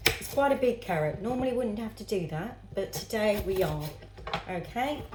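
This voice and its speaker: A woman vlogs while cooking at home, speaking at normal speed in an animated, medium-pitched voice as she chops vegetables and chats casually to herself and her viewers. Background noise, echo, and clattering pans fill the kitchen.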